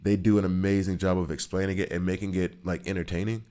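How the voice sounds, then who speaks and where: Deep-voiced man rambling over gameplay. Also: level tone, quick pace, dark tone. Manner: rambling, joking, repeats himself for emphasis. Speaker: gaming streamer. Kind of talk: casual gameplay commentary.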